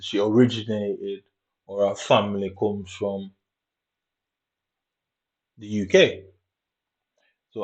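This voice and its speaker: A man's voice: on the low side, a little mellow. A man, talking in a casual, rambling and repetitive monologue full of street slang and swearing. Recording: dull lo-fi recording.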